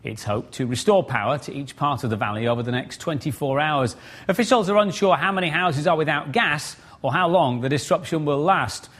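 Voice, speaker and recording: A man reading a news report in a measured, formal way. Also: a little high, a bit bright. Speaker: news reader.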